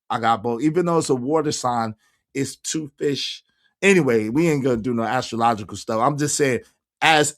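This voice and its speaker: A hoarse man, hosting a casual livestream and shouting out his viewers by name. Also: medium pitch. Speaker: livestream host reading chat.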